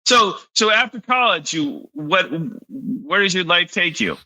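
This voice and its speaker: A man's voice: high-pitched, lively intonation, unhurried, sharp tone, no echo, low-quality recording. A man hosting a podcast, asking short, playful questions in a casual interview. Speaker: podcast host.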